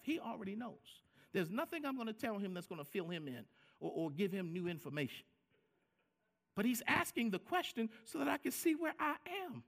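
Pastor, male, high gravelly voice, lively delivery with acted-out quotes. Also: moderate pace. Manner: animated preaching, acting out quoted lines, repeats words for emphasis. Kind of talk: sermon.

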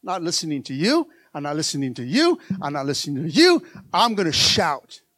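A man's voice: a little high, huge pitch swings, a little fast, fairly bright tone, pitched below the performer's own voice, full character voice. A man preaching who voices a blind male beggar, pleading and insistent. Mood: weary defiant.

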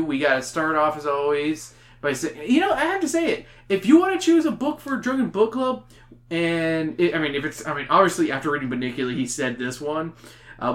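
A man's voice: a little high, a bit bright. A man hosting a podcast in casual chat, upbeat and rambling with restarts. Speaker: podcast host.

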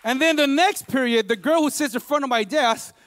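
A man's voice: very high voice, brisk, a bit bright, a faint crowd. A man preaching a sermon as pastor, telling personal stories in a conversational way full of "you know" and building to emphatic preaching.

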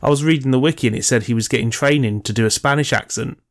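Male co-host, casual and sweary, rambles through movie trivia, mid-pitched voice. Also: fast. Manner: rambling, sweary, enthusiastic about film trivia. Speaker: podcast co-host. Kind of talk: casual chat.

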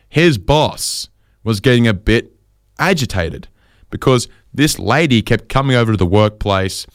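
A young man tells a rambling comic story, often stopping to correct himself and going off on animated asides. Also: lowish voice, clear, resonant tone, no room sound, clean studio sound.

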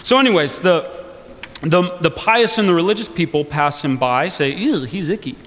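A man's voice: fairly high pitch, moderate pace. A man preaching a sermon in a casual, joking way. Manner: conversational and joking, animated. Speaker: pastor. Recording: long reverb of a large hall.

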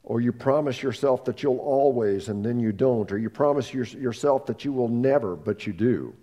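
A man preaching a sermon, telling a story with animated voices and repeating words as he goes. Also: mid-range voice, normal speed. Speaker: pastor.

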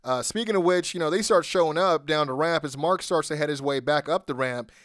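A man hosting a casual podcast, telling what happened on a wrestling show with swearing and quick laughs. His voice sits a little high and comes through smooth and clear. The sound is close and dry. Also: no echo. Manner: profane, laughing, animated retelling. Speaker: podcast host. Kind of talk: casual wrestling recap chat.

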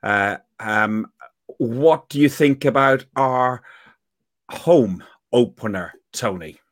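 A man hosting a casual football podcast over a call, telling a rambling story full of ums and pauses. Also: mid-range voice. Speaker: podcast host.

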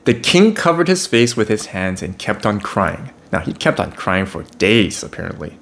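A man teaches a Bible lesson. He reads scripture aloud and breaks in with wry, casual commentary. His pitch is lively and animated, rising and falling as he reacts to the story. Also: moderate pace, gravelly. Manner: animated, wry, conversational asides.

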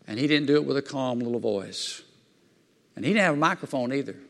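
A man preaching a sermon in a fervent, folksy way, swinging between loud excitement and quiet asides. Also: mid-range voice, a little fast, gravelly. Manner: folksy plain-spoken preaching. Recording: long hall reverb.

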